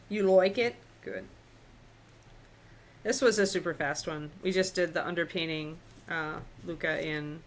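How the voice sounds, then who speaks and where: A woman teaching miniature painting on a live stream, relaxed and chatty, thinking aloud as she works. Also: low voice, slight background noise.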